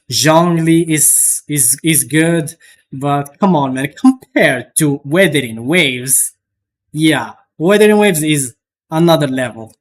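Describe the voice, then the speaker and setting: A young man, a little high, streams live and rambles casually, swearing a lot and restarting often.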